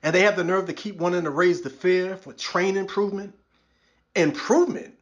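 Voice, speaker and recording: High-voiced sarcastic New man. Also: normal speed, lo-fi sound. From New York. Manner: wry, sarcastic, acts out quoted voices. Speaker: podcast host. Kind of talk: stand-up style comedic rant.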